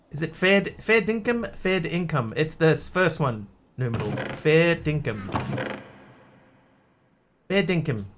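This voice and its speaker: A man's voice: on the high side, a bit bright, slight background noise. A man streaming a building game, chatting casually and joking as he reads chat aloud.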